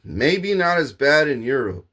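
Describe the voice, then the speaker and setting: A man's voice: on the high side, big pitch swings, a little slow, a bit bright. Grandiose, profane man ranting. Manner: grandiose, profane, repetitive, restarts often. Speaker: self-proclaimed king ranting to camera. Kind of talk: profane rambling monologue.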